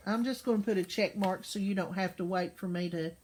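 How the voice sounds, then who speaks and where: A woman's voice: medium pitch, a little mellow. A woman teacher giving a recorded lesson to young children, patient and full of questions. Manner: slow, patient, asks questions and checks in with "okay?".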